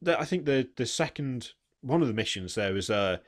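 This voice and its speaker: A man's voice: medium pitch, lively intonation, fairly quick, a crowd in the background. A man co-hosting a gaming podcast, telling stories of failure with laughs and swearing. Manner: laughing, exasperated storytelling with swearing. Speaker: podcast co-host. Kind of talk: casual gaming chat.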